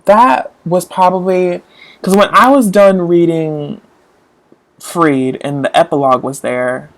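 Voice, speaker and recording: A woman chatting casually as a book vlogger, rambling and gushing, jumping up into high excited squeals. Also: slow. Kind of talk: casual live-chat book talk.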